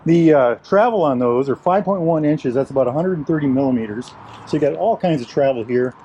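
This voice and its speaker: A man's voice: a little high, animated, brisk, mellow, breathy edge, highs cut off. Older man gushing over a motorcycle. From United States. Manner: enthusiastic, gushing, repeats praise. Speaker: motorcycle reviewer. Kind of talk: casual review walk-around. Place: outdoors at a motorcycle dealership lot.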